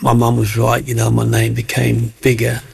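A middle-aged man recounts his past as an interview guest. His voice is heavily gravelly. He talks in a chatty, lively way and acts out other people's lines. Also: mid-range voice, normal speed. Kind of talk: personal storytelling.

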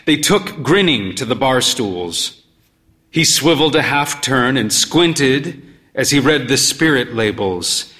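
A man narrating a story as a world-weary pub owner, in a dry, unhurried way. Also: medium pitch, animated, sharp tone. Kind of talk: storytelling reading.

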